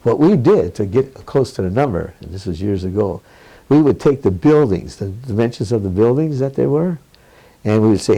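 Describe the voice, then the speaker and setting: Gravelly older man telling frank stories. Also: on the low side, normal speed, poor audio. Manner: animated, laughs often, quotes others in raised voice. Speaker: interviewee. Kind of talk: candid storytelling interview.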